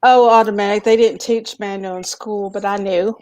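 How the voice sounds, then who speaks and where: A woman's voice: medium pitch, normal speed. A woman from Tennessee with a Southern US accent, telling stories in a casual group chat. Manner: chatty storyteller, animated. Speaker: show regular.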